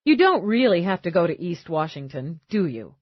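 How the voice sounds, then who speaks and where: A woman's voice: fairly low pitch, very animated, normal speed, dry recording, muffled recording. Narrator lady doing a blunt bossy cop lieutenant, cranky, dry audiobook sound. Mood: grumbling. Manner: brusque, commanding. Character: tough blunt police lieutenant woman, cranky.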